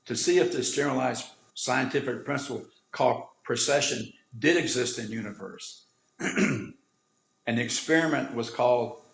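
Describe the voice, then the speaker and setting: A man tells a moving story at an even pace and in a medium-pitched voice. His delivery is earnest, and he uses dramatic pauses to let moments land. The room around him is noticeably echoey. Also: gravelly. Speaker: instructor. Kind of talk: storytelling talk.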